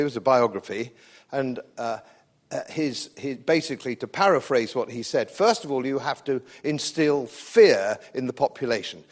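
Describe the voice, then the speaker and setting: A man with an English accent giving a live political speech to an audience, combative and sardonic, hammering points home by repeating phrases. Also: medium pitch. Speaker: speaker at a public event.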